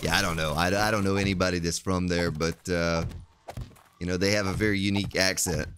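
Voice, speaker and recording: A man's voice: low-pitched, steady tone, brisk, fairly bright tone, slight background noise. A man streaming a video game, chatting casually and rambling to his viewers. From United States. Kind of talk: casual live-stream commentary.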